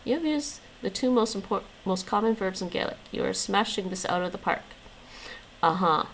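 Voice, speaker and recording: Gravelly-voiced woman streamer reading lessons. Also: medium pitch, animated, moderate pace, a little hiss or hum, rough recording. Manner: reads lesson notes aloud and chats with viewers, laughing often. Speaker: language-learning streamer. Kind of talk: casual live-stream chat.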